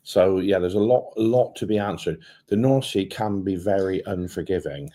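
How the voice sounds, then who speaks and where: Low-voiced, dry-humoured man. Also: normal speed, mellow. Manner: dry, teasing interjections. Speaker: co-host of a travel channel live stream. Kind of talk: casual live-stream chat.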